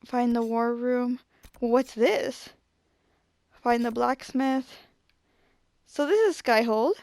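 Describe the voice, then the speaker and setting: High-voiced woman casually playing a game. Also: steady tone, takes it slowly, darkish tone, no room sound, clean studio sound. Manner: offhand, reads choices aloud to herself. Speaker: gameplay streamer. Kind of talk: casual gameplay commentary.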